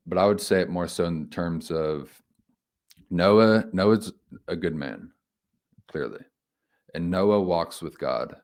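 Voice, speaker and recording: A man giving an informal Bible commentary, reflective and halting, thinking aloud with frequent restarts. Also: sits low. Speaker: homily speaker.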